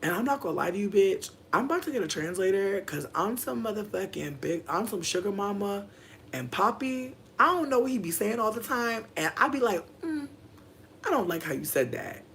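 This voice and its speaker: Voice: medium pitch, a little fast, creaky, a little hiss or hum. A young adult content creator chatting loosely on a livestream, telling a rambling, profane story full of fillers and stopping to answer viewer comments. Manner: animated, jumps between story and viewer comments. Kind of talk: casual livestream chat.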